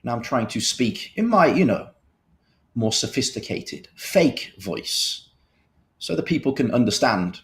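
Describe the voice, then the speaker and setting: A man's voice: mid-range voice, very animated, unhurried. A man in his thirties with a Birmingham accent, doing live poker commentary with jokey, self-mocking banter. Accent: Birmingham English. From England. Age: 30s.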